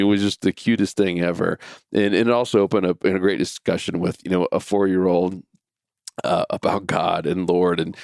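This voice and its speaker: A man's voice: low-pitched, gravelly, darkish tone, no room sound, clean studio sound. A man in his thirties hosting a podcast, telling a family story in a casual, chatty way with frequent restarts. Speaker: podcast host.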